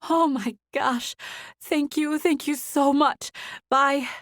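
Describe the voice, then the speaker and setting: Woman doing a young woman on the phone in an audiobook: high, quavering, breathless with relief. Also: fairly quick, no room sound, studio quality, natural voice. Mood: elated. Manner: high-pitched, shaky, breathless. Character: young woman, tearful and overjoyed. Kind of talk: audiobook character voice.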